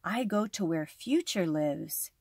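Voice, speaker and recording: A woman voicing a wise, dreamy male desert lizard in a storybook reading, with a high, gentle delivery. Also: animated, slow, no room sound, clean studio sound. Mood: knowing.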